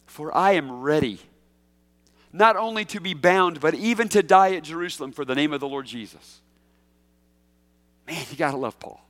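A man preaching as senior pastor, his voice sitting a little high for a man. He moves between slow, emphatic phrases and quick asides, breaking into loud, high bursts as he voices a quoted figure. The recording is dry and close, with no room sound. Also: lively intonation, dry recording. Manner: preaching with sudden loud, high bursts when voicing Paul. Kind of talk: sermon.

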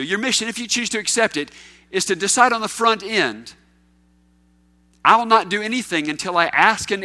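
A man preaches to his congregation, his voice high and bright. He presses loud, emphatic questions, then drops to quiet, low asides. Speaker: pastor. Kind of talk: sermon.

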